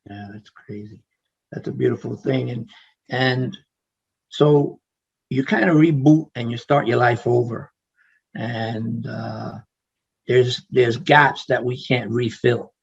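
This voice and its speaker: A man interviewing a guest over a video call, asking long rambling questions in a gentle, hesitant way. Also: medium pitch, fairly even intonation, slow, creaky, slightly rough, muffled recording.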